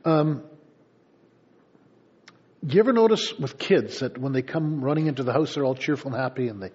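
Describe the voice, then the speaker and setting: A man's voice: mid-range voice, moderate pace, darkish tone, slightly rough, dull audio. A man preaching a sermon in a conversational way, with playful asides to the congregation. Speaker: pastor.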